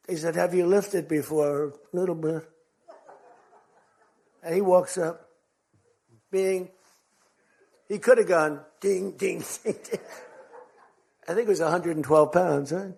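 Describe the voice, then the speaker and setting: A man's voice: high voice, takes it slowly, creaky, long pauses, darkish tone, husky. An older American man giving a rambling speech to a crowd, telling stories and acting out quotes. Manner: rambling, repetitive storytelling with acted-out quotes.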